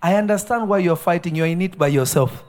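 A man preaching a live sermon in a church, animated and laughing often, dropping to hushed asides and rising to shouted emphasis. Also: high voice, a little fast. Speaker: pastor. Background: faint congregation responses.

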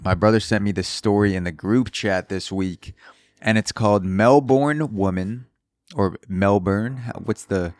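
A man's voice: lowish voice, unhurried, darkish tone, no room sound, clean studio sound. A man hosting a casual solo podcast, riffing loosely and profanely on news stories from his apartment. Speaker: podcast host. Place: apartment in a city building, indoors. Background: construction drilling outside.

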